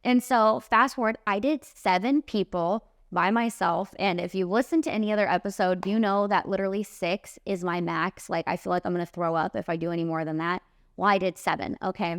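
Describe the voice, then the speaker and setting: A woman in her late twenties, a podcast host and makeup artist, telling a story in an animated, emphatic way, full of "like" and "literally.". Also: medium pitch, brisk, dry recording, studio quality. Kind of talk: casual storytelling monologue.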